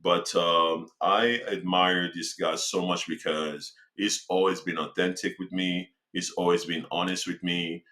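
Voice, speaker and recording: A young man giving a casual motivational talk to his viewers, slangy and conversational, slowing down to stress his points. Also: low-pitched, little pitch movement, bright, forceful tone. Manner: slangy, conversational, slows for emphasis. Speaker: self-help speaker.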